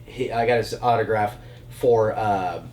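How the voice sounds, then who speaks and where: A man co-hosting a podcast in casual chat, telling animated stories and acting out quotes. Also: a little slow, slight background noise. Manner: animated storyteller, acts out quotes in high voices. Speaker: podcast co-host.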